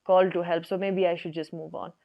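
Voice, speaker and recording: A woman's voice: fairly low pitch, level tone, fairly quick, vocal fry. A woman voicing a small, sad female bird who pleads politely and hesitantly, with many fillers, in a storytelling recording. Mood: pleading. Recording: dull lo-fi recording.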